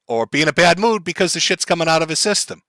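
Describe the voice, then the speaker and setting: A man's voice: on the high side, animated, quick pace, pushed and bright, no echo. A man commenting on a clip during a live stream, talking bluntly and with a lot of swearing to his chat. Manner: blunt, profane, lecturing aside to chat.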